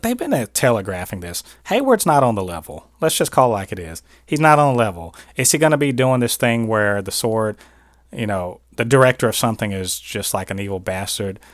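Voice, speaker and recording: A man's voice: fairly low pitch, no echo. Opinionated man with a dry close sound. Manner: animated, opinionated, rambling with frequent restarts. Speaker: podcast host reviewing TV. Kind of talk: casual spoiler review monologue.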